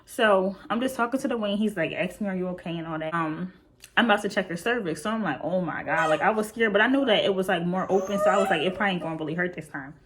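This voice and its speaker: A woman's voice: mid-range voice, quick pace. Chatty young woman telling a storytime. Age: young adult. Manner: chatty, frequent fillers, addresses viewers directly. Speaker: vlogger. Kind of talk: casual storytime.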